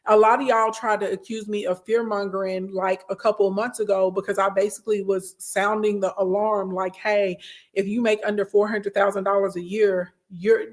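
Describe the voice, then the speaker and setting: A woman's voice: medium pitch, level tone, normal speed. A woman hosting a casual livestream as a business coach, blunt and chatty, often asking "okay?" and scolding her followers.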